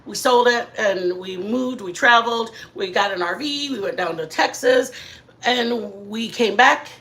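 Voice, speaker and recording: A middle-aged woman hosting a casual livestream from her living room, telling rambling, animated stories to her chat. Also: medium pitch, a little slow. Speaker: channel host.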